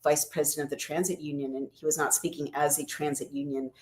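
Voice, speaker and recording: A middle-aged woman co-hosting a casual talk show, chatty and animated, speaking warmly to her co-host and viewers. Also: deep voice, fast. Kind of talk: casual chat.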